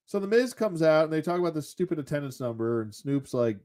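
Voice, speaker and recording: Sarcastic, exasperated man, slightly high voice. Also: moderate pace, dark tone. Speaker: host. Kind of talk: casual ranting commentary.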